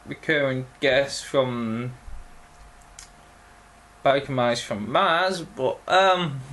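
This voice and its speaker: A young man answering viewer questions in a casual video, halting and full of ums. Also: mid-range voice, a bit bright. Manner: slow, halting, many ums and pauses. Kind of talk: casual Q&A vlog.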